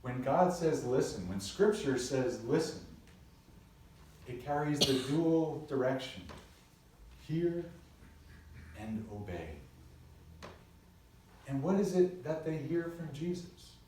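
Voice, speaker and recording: A male pastor preaches in a slow, unhurried way, his voice dark and mellow. He tells stories earnestly and drops in playful asides. The sound comes from a very echoey church sanctuary, picked up from a distance with faint room noise behind him. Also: medium pitch, lively intonation. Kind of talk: sermon.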